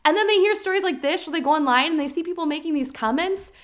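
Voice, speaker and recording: A woman with a Midwestern accent co-hosting a podcast in casual chat, earnest, talking fast and stumbling over her words when excited. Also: very high-pitched. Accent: Midwestern American. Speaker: podcast co-host.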